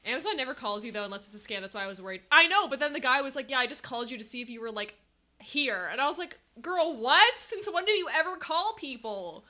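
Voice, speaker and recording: Excitable woman streamer on a headset mic, high voice, laughs a lot, gets teary. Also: rapid-fire. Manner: bubbly, excitable, laughing, swings between giddy and teary. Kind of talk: casual live-stream chat.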